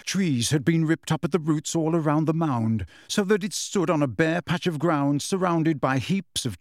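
A man narrating a fantasy novel in a measured, expressive storytelling manner. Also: on the high side, no echo, studio quality. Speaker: audiobook narrator.

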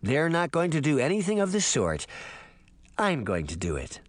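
A man voicing a smooth, sinister male counselor who reveals himself as the villain, calm and quietly menacing. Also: on the high side, moderate pace, no echo.

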